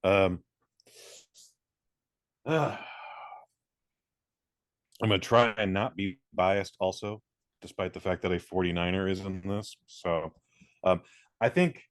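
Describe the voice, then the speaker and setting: Male co-host, low voice, deadpan and rambling, dry close recording. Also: slow, pauses often, no room sound. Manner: deadpan, rambling absurd storytelling with stammers. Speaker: podcast co-host. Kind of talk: casual chat.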